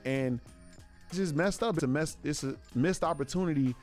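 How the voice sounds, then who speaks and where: A man's voice: a little high, normal speed, a little mellow, faint music behind. A man giving earnest, reflective commentary on a podcast in casual slang.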